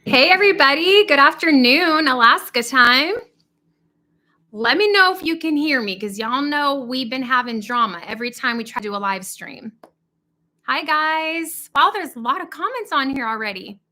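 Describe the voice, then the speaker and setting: Bright, upbeat woman chatting on a livestream. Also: high-pitched, animated, moderate pace. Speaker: livestream host. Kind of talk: casual livestream chat. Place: indoors in a cabin. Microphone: not her usual podcast microphone.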